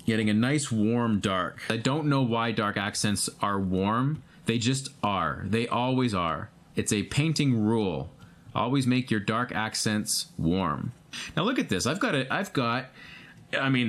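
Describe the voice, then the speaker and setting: A man with a somewhat low voice teaches a painting lesson. He talks in a relaxed way, thinking aloud as he works. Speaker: painting instructor.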